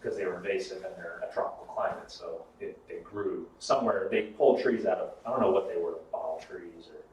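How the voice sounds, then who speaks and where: A man's voice: low voice, brisk, a little mellow. A man, a podcast co-host, chatting casually and rambling through stories with plenty of swearing. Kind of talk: casual chat. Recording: echoey room, mic far off.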